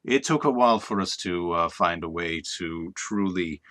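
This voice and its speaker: A man's voice: low-pitched, normal speed, fairly bright tone. A man co-hosting a casual live-streamed talk show, joking around playfully and trailing off into fillers. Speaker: co-host.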